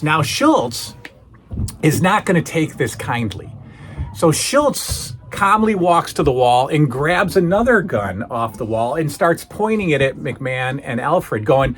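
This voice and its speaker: A man hosting a casual solo recap, telling the story in an animated way and acting out the quoted lines. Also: medium pitch, normal speed, a little hiss or hum. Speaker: podcast host reviewing old wrestling shows.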